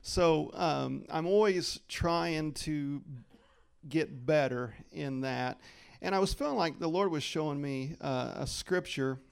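A man praying and then giving an informal devotional talk, folksy and quick to laugh as he acts out quoted lines. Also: a little high, creaky, clean tone. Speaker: lay speaker sharing a devotional.

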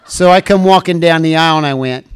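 A man's voice: on the high side, fast talker, smooth, a faint crowd. An older man speaking to a church group in a casual, rambling storytelling way, chuckling at his own puns.

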